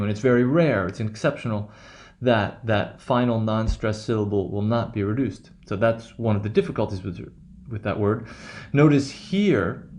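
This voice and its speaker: A man teaching English pronunciation in a lecture. He explains patiently and repeats each word slowly to model the stress. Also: fairly low pitch, darkish tone, reverberant, a little hiss or hum. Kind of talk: classroom lecture.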